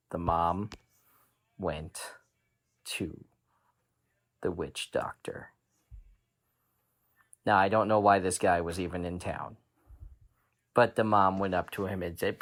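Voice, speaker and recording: A man's voice: sits low, fairly even intonation, slow, pauses often, a bit bright. A man improvising a bedtime story, playful and rambling, breaking into giggles and shrieks.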